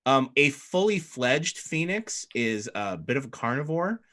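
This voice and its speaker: Bright-voiced man running a tabletop game. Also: mid-range voice, very animated, a little slow. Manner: loose, rambling narration with many fillers. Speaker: dungeon master.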